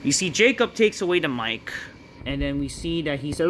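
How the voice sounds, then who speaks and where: A man's voice: a little high, lively intonation, moderate pace, fairly bright tone. A man ranting in a profane, dismissive way while reviewing a wrestling show.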